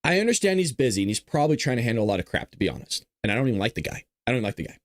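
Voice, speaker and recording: Emotional male podcast host, lively pitch. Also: racing, no room sound, studio quality. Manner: emotional, choked up, rambling. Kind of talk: casual commentary.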